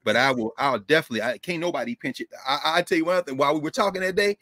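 A man guest on a live video call, telling stories in a casual, animated way, laughing often. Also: fairly high pitch, very fast, no room sound, studio quality. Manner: animated, loose, laughs often, drops into quoted voices. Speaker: guest scholar. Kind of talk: casual conversational storytelling. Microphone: desk microphone on a video call.

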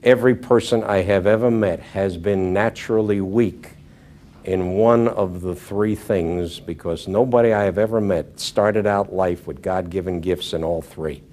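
A man's voice: sits low, fairly even intonation, unhurried. A man giving a motivational sales talk to a live audience, telling stories earnestly and dropping his voice for emphasis. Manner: storytelling, earnest, drops to hushed tones for emphasis. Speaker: motivational speaker.

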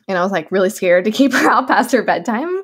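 A young woman, a new mother, chatting casually and warmly about her baby, with lots of fillers and laughs. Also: medium pitch, animated, fast talker, husky. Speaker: new mom answering viewer questions. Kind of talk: casual chat.

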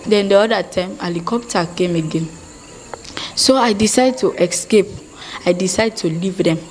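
A young woman with a West African pidgin English accent giving a halting, plain-spoken personal testimony, re-enacting scenes aloud as she tells them. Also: mid-range voice, darkish tone, a little hiss or hum. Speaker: former child soldier giving testimony.

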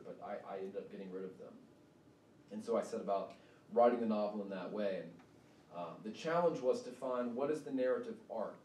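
A man's voice: mid-range voice, a little mellow. A male author giving a conversational public talk at a university, often asking "right?". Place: university event hall. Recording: echoey hall, mic from far off, faint noise.

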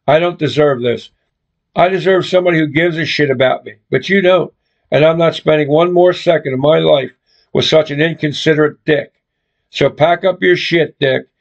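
A man voicing a frustrated young woman who bluntly confronts her boyfriend, with a gravelly voice on a dull lo-fi recording. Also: a little high. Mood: fed up. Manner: blunt, exasperated, foul-mouthed.

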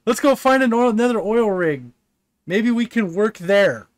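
A man's voice: sits high, animated, normal speed, dry recording. A man co-hosting a casual gaming session, reading a text adventure aloud with frequent laughter and casual swearing. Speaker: co-host playing a text adventure.

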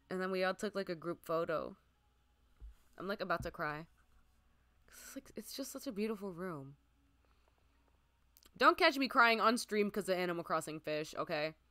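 A young woman streaming a game, chatting casually and listing what she sees, sometimes dropping to a soft near-whisper. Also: mid-range voice, smooth, no echo. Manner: chatty, lists items aloud, drifts into soft near-whispers. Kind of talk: casual gameplay commentary.

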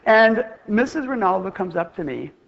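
A woman's voice: medium pitch, expressive, normal speed. A woman from Iowa telling a comic story as a keynote speaker on stage, playful and theatrical. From Iowa, USA. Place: stage before a live audience. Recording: dull, muffled lo-fi recording.

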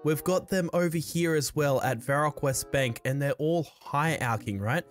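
A woman hosting a gaming channel, doing gameplay commentary with comic skits in an excitable, chatty manner full of slang. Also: sits low, normal speed, soft background music.

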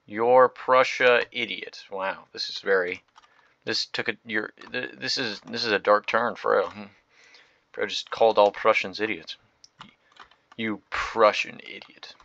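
Young male gaming host, low voice with a bright, tense edge, slangy play-by-play reactions, dull home-mic sound. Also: moderate pace, creaky. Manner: excitable, slangy, reactive, swings from loud outbursts to mumbled asides. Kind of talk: live gameplay commentary.

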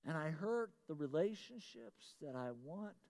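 A middle-aged man preaching a sermon as pastor, moving between loud emphatic lines and quiet confiding asides, repeating his key phrases. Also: on the high side, big pitch swings, a little slow.

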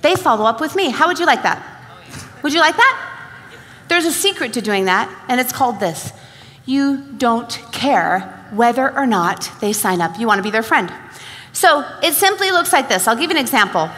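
Lively woman speaking in a big hall. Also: a little high, normal speed. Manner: animated storyteller acting out dialogue. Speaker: speaker at a sales event. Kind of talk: motivational stage talk. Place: large event hall. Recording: reverberant hall.

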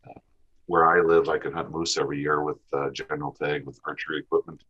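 Very deep husky Canadian man. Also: level tone, quick pace. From Western Canada. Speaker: podcast guest, hunter. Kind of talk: casual interview talk. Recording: dull lo-fi audio.

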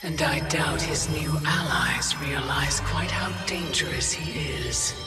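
An actor playing a noble royal warrior in a video game, speaking formally and earnestly. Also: male voice, fairly high pitch, slow, gravelly, loud music behind the voice. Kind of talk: video game cutscene voice acting.

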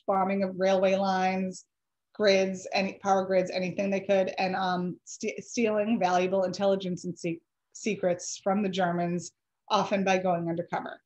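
A woman author giving a chatty slide presentation, pausing with ums and correcting herself, her voice a little dry from allergies. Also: medium pitch, a little mellow, muffled recording. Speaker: author giving a library talk.

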